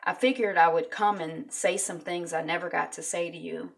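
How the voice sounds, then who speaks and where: A woman acting out a regretful grown man speaking to his late father quietly, with sighs. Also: fairly low pitch, steady tone, moderate pace, gravelly, a little hiss or hum.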